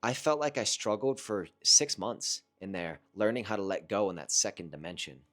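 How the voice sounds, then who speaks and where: Man, low-pitched, earnest and reflective, casual first-person storytelling with halting restarts. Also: lively intonation. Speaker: vlogger recounting a personal experience.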